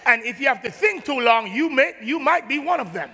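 A man from Jamaica preaching a sermon to his congregation in a church sanctuary, animated and folksy, repeating words and calling on the crowd to answer. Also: extremely high pitch, brisk. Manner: casual, folksy phrasing. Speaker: pastor. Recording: long reverb of a large hall.

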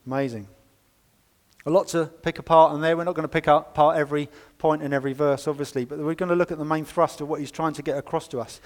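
A man's voice: on the high side, steady tone, quick pace. Emphatic male preacher in reverberant hall. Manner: emphatic, swinging between loud stresses and quiet asides; conversational and wry. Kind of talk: sermon. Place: church. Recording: long reverb of a church hall.

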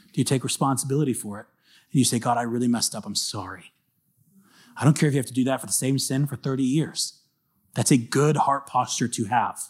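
Male pastor, casual earnest sermon, mid-pitched voice, conversational delivery. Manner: casual, earnest, acts out short quoted lines.

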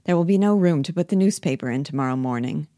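A woman reading the part of Torvald Helmer, a genteel and condescending husband in a classic stage play, in a brisk, fussy manner. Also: deep voice, expressive, mellow, no echo, clean studio sound. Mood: puzzled.

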